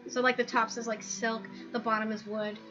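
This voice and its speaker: Woman, high voice, casual commentary, animated and exasperated, lots of "like", dull lo-fi sound. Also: normal speed. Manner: animated, exasperated ranting with frequent "like". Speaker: video host. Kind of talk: casual commentary over images. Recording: dull lo-fi sound with background music.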